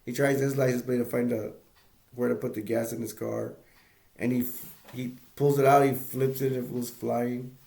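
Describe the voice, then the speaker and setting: A man recapping a film in a loose, rambling way, stopping often to restart his sentences. His voice sits mid-range in pitch and has a gravelly fry. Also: level tone, moderate pace, mellow, roomy sound. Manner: rambling, with many restarts and chuckles. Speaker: movie reviewer. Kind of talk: casual plot retelling.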